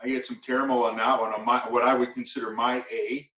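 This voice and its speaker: A man's voice: medium pitch, flat delivery, quick pace, pushed and bright. Canadian guy, distant and dull in a roomy space. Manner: matter-of-fact, explanatory. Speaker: co-host of a whisky tasting show. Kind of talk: casual tasting chat.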